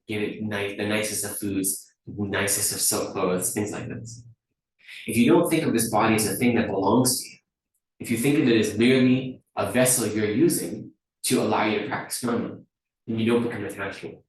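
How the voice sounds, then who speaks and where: Lower-pitched male Buddhist teacher, chatty, frequent "right?", distant mic in a booming room with faint hiss. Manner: conversational, often checks in with "right?". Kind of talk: dharma teaching talk. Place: teaching hall at a dharma center. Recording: very echoey room, mic far off.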